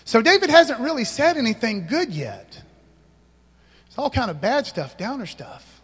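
A man's voice: extremely high pitch, sing-song, measured pace, fairly bright tone, husky, in a large hall. A man pastor preaching a sermon, emphatic, calling out to the congregation for responses.

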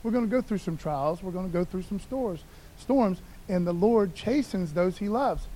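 A man preaches in a loose, conversational way, often dropping in "man" and asking the crowd for an amen. His voice sits high for a man and he shifts freely between quiet asides and raised, emphatic points. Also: animated, normal speed. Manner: conversational, keeps saying "man", calls for amens. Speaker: pastor. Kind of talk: casual sermon.

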